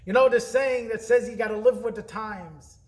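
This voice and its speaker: A man giving an earnest weekly Torah message, telling the story in a preacherly way with emphatic pauses. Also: high-pitched. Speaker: rabbi.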